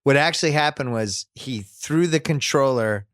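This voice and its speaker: A man's voice: mid-range voice, moderate pace, dry recording, clean studio sound. A middle-aged man hosting a podcast in casual chat, telling joking, exasperated stories about his kids. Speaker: podcast host.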